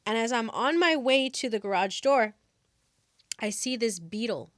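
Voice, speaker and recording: Young woman podcast host: animated, dramatic casual storyteller with a slightly high voice, close and dry. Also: measured pace, no room sound.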